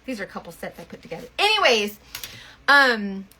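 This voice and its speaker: A woman's voice: on the high side, big pitch swings, a little fast, pushed and bright. A woman telling a rambling story in casual chat, full of fillers and restarts. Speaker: makeup seller and vlogger.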